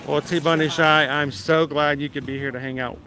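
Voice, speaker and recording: A man's voice: on the high side, steady tone, fairly quick, background noise. A man in his thirties hosting a casual live vlog outdoors at a theme park, chatty and jokey, rambling along as he goes. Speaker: livestream host.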